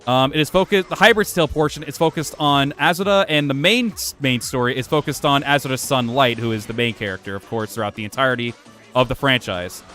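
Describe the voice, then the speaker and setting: A man's voice: mid-range voice, a little fast, a bit bright. A man casually commenting while he plays a video game, rambling, self-mocking and swearing freely. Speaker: gaming streamer. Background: faint music playing from his computer.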